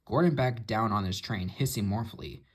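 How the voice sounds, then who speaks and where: A man reading a children's railway story aloud with expressive storybook delivery. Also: lowish voice, normal speed, breathy edge.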